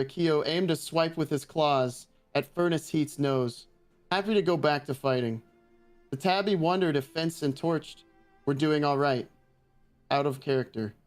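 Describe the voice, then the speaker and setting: A man, a guest reader, reading a fan roleplay aloud with many hesitations. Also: on the high side. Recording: faint music behind.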